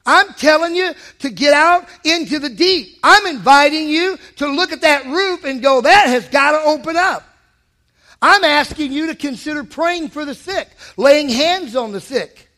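A man preaching a sermon as pastor at a weeknight church service, emphatic and rising to shouts for emphasis. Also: extremely high pitch, lively intonation, moderate pace, hardly any pauses.

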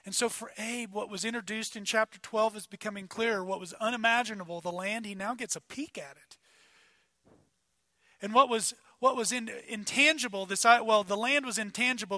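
High, bright-voiced male preacher. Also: a little fast, no echo. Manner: conversational preaching, swings between loud emphasis and quiet asides. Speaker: pastor. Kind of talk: sermon.

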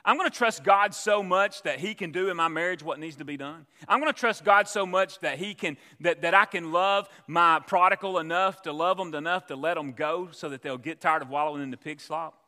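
A man's voice: on the high side, a little fast, hardly any pauses, bright, forceful tone, in a large hall. A man preaching a sermon, telling a story and acting out its voices. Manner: storytelling preacher, acts out voices in his tales.

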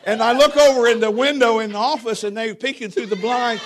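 High-voiced folksy pastor preaching. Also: male voice, fairly quick, noisy background. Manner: folksy, humorous, animated storytelling. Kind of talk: sermon with storytelling.

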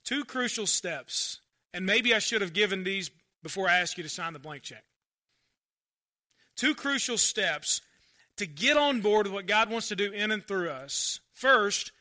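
Male pastor, sermon, chatty preaching style, loud then hushed, high voice, very sharp bright tone. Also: lively intonation, a little slow, pauses often. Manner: conversational preaching, swinging between loud emphasis and quiet asides.

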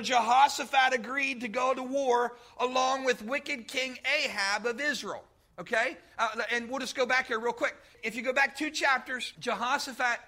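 A man preaching a sermon to his congregation, talking to them directly and rising into shouted emphasis. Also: very high-pitched. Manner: conversational, addresses congregation directly. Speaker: pastor.

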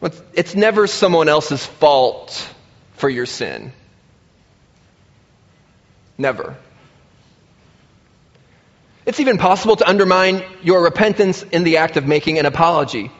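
High-voiced man preaching in a reverberant hall. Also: unhurried, long pauses. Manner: animated preaching, acting out quoted voices. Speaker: pastor. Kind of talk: sermon. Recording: muffled sound with long reverb in a large hall.

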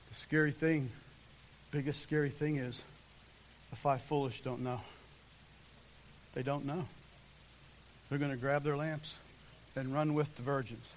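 A man preaching a sermon as pastor, impassioned, swinging from shouts to hushed whispers. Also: medium pitch, a little hiss or hum.

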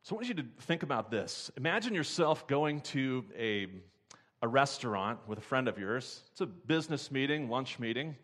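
A male pastor delivering a sermon with animated storytelling. He moves from prayer into an everyday story, acting out each person in it with a voice in the middle range. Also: mid-range voice, moderate pace. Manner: animated storyteller who acts out characters.

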